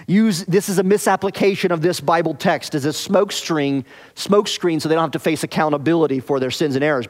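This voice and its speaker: A pastor with a fairly high voice delivers an earnest expository sermon. He presses hard on some phrases, then drops soft and slow on others.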